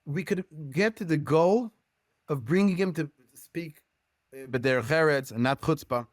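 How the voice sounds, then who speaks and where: A man whose first language is Hebrew, speaking as a guest rabbi and educator in earnest, halting English full of Hebrew terms. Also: a little high, dry recording, studio quality. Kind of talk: podcast discussion.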